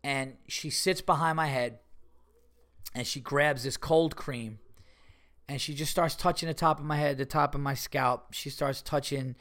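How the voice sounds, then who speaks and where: Male comedian host, young adult, casual storyteller, loose and animated, lots of restarts, voice sits a bit high. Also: a little slow. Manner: animated, rambling with many fillers and restarts.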